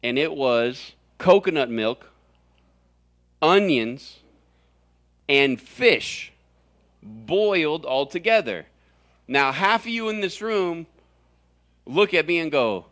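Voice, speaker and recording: A middle-aged man from Florida preaching a humorous sermon to a room, telling stories with animated, jokey delivery and sudden exaggerated voices. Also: fairly high pitch, takes it slowly, long pauses. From Florida, USA. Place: large room with audience.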